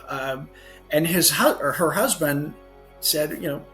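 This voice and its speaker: Guy telling a creepy story in an interview, slightly higher voice, keeps fixing his words, faint music behind. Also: measured pace, a bit bright. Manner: earnest anecdote telling with frequent self-corrections. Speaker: guest author.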